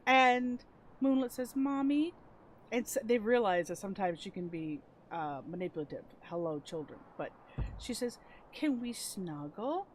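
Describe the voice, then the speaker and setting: A middle-aged woman telling family stories in casual chat on a livestream, lively and laughing as she acts out quotes. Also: mid-range voice, normal speed, a little hiss or hum. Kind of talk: casual storytelling.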